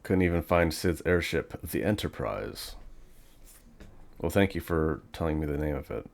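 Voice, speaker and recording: Low-voiced man musing over gameplay. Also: expressive, moderate pace, gravelly. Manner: musing, rambling, thinks aloud with fillers. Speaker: gaming channel host. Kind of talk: casual gameplay commentary.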